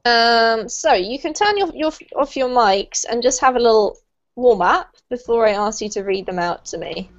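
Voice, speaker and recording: Cheerful pronunciation teacher, high-voiced woman, online class over a muffled call. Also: lively intonation, moderate pace. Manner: upbeat, encouraging, praises often. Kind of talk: online group pronunciation lesson. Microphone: video call. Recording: dull lo-fi video call audio.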